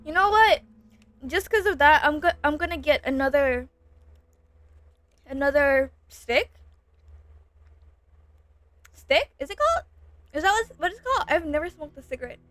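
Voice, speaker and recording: A woman's voice: sits high, expressive, moderate pace, long pauses, a bit bright, no echo. A young woman streamer chatting casually into a close desk mic while snacking, giggly and rambling, repeating herself when flustered. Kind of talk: casual livestream chat while eating.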